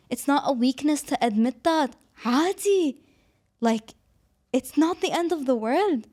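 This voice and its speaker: A woman in her twenties, from the Arab world, hosting a solo podcast and giving emphatic, animated advice with a few Arabic words mixed into her English. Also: a little high. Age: 20s. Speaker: podcast host.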